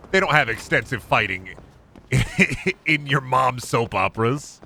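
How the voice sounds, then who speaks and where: Bright-voiced, swearing male game streamer. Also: medium pitch, a little slow, slight background noise. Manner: animated, profane, joking. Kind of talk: casual live-stream commentary.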